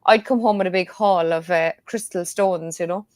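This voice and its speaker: A woman's voice: lowish voice, fairly even intonation, moderate pace, darkish tone, no room sound. A woman with a Cork Irish accent, chatting as a guest and telling stories with plenty of laughs. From Ireland. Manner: chatty storyteller, laughs often. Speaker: guest tarot reader. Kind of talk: casual chat.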